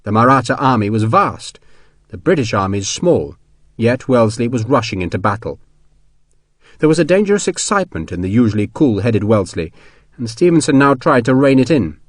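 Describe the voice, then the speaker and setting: A man giving measured, expressive narration of an audiobook. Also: mid-range voice, no echo. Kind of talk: scripted narration. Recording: dry studio recording.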